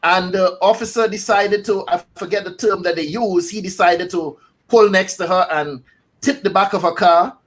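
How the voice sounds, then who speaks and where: A man's voice: high voice, normal speed. A man co-hosting a casual online panel discussion, greeting viewers and reading out their comments in a playful way. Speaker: co-host.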